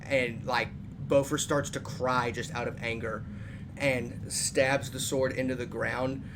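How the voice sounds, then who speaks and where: Slow, hesitant male player. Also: medium pitch, little pitch movement. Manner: hesitant, searching for words. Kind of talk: describing his character's actions. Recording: noisy background.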